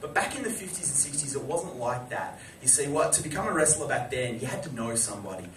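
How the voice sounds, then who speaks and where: A man hosting a live chat show, telling stories to an audience and breaking into loud shouted impressions. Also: mid-range voice, fast talker, a little hiss or hum. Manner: animated storytelling with shouted impressions. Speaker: host. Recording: echoey room from far off, crowd.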